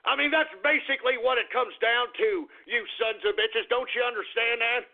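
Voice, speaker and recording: On talk radio, a male host rants angrily and profanely at his listeners about politics, repeating himself as he goes. His voice is very high and creaky, steady in tone, and moderately paced. The audio is tinny and phone-like.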